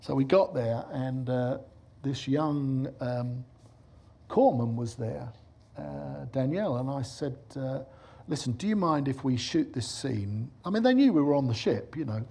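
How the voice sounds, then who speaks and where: Husky middle-aged guy lecturing, animated storyteller, does little voices for people. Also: medium pitch, a little slow. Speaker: film director giving a lecture. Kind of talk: lecture with lively anecdotes.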